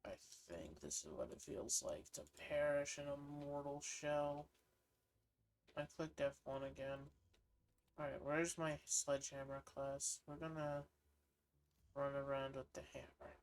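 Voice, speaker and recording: A man's voice: mid-range voice, unhurried, a little hiss or hum. A man streaming a shooter game, talking to himself in a goofy, sleepy way and swearing freely. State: sleepy, worn out. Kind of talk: casual gaming commentary.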